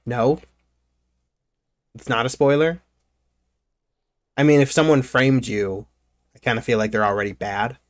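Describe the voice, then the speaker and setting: A male streamer reading video game text aloud slowly and carefully, breaking off for casual asides to his viewers. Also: mid-range voice, fairly even intonation. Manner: reads game narration in a slow, measured way, breaking off for casual asides.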